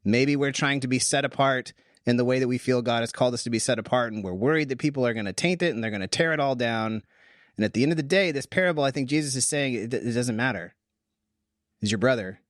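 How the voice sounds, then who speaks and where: A man's voice: mid-range voice, quick pace, no echo. Podcast guy riffing on scripture, lots of restarts, dry mic. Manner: animated, thinks aloud with restarts. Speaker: podcast host. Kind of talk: casual Bible discussion.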